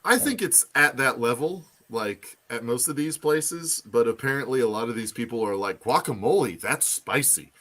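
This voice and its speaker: A man's voice: mid-range voice, lively intonation, moderate pace, few pauses, pushed and bright. A man in a casual chat who tells jokes and pokes fun at himself. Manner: joking, self-mocking.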